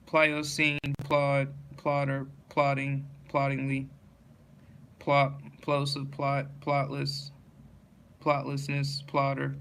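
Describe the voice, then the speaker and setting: Flat, slow monotone man reading words. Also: mid-range voice, slight background noise. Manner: monotone word-list reading with slips and restarts. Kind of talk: reading dictionary entries aloud.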